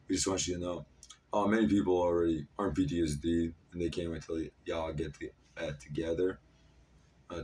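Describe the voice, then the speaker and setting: A man's voice: low-pitched, darkish tone, slight background noise. A man in his thirties talking in a disjointed, jumpy stream with many fillers, in a rambling monologue to camera. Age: 30s. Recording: voice a bit far from the mic.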